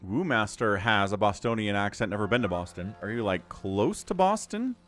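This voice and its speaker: A man calls a strategy game on a live stream, his pitch swinging up and down a lot as he answers chat and jokes between plays. Faint music plays softly behind him. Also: moderate pace. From Utah, USA. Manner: chatty and animated, answers chat between play calls, jokey. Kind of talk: live game commentary chatting with viewers.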